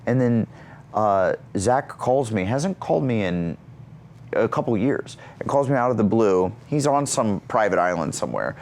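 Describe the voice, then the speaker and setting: Comedian guy telling funny stories, lowish voice that jumps all over. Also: normal speed. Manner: animated, comic storyteller. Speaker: guest, actor and comedian. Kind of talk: storytelling in an interview.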